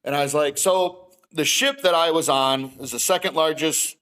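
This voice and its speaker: A man's voice: on the high side, normal speed, fairly bright tone, clean tone, poor audio. A middle-aged man, telling his story as a podcast guest and acting out both sides of each conversation. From Wisconsin. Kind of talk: casual storytelling.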